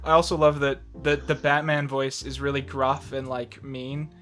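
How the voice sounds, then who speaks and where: A man's voice: mid-range voice, little pitch movement, moderate pace, fairly bright tone, faint music behind. A young man chatting casually as a movie review co-host, rambling with lots of fillers and restarts and laughing often.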